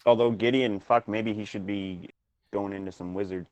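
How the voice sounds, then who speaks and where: Low-voiced blunt man swearing freely. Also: steady tone, moderate pace, darkish tone, dull audio. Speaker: player. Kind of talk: casual tabletop play.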